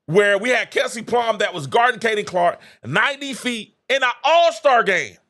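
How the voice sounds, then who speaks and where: A man hosting a live sports talk show, his voice pitched high and swinging wildly up and down. He talks excitably, laughs in the middle of sentences and acts out quoted back-and-forths. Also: moderate pace. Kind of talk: animated live sports commentary.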